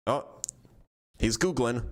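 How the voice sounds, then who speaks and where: A man hosting a live-streamed debate, speaking in a dry, teasing, casual way. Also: medium pitch. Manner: dry, teasing, quick back-and-forth. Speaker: debate host.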